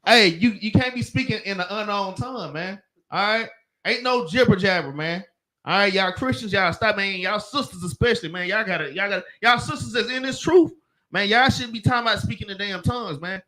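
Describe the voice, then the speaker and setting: High-voiced man telling loose stories. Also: brisk, bright, forceful tone. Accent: Southern US. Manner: loose storytelling with slang and laughs. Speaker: class leader. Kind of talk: casual teaching chat.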